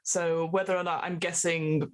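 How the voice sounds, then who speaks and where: A woman's voice: lowish voice, flat delivery, moderate pace. A woman, the podcast's host, describing her character in a rambling, bubbly way while playing a tabletop game. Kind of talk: casual chat at a game table.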